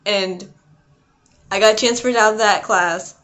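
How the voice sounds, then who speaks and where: A woman's voice: medium pitch, steady tone, slow pace, pauses often, fairly bright tone. A young adult woman vlogging a casual storytime, rambling and chatty with lots of "like" and "um". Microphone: not her usual mic.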